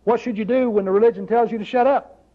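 A man's voice: extremely high pitch, steady tone, quick pace, phone-quality sound. A man preaching a sermon in a conversational way, often asking the congregation rhetorical questions.

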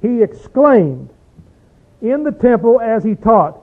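High-voiced man preaching over a tinny line. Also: big pitch swings. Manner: emphatic, folksy, full of rhetorical questions; slows down to stress verses. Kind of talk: sermon with scripture reading.

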